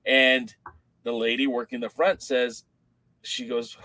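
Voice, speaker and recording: Animated man telling a story, dry sound. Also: mid-range voice, normal speed, vocal fry, no echo, rough recording. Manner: animated storyteller, acts out quoted voices. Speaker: podcast co-host. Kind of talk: casual podcast chat.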